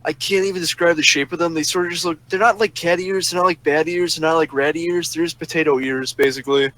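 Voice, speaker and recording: Man, fairly high voice, casual rant, sarcastic and profane. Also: fairly even intonation, fast talker, a bit bright, low-quality recording. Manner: profane, sarcastic ranting that flares up angry. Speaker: storyteller ranting about a roleplay server. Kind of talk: casual ranting monologue.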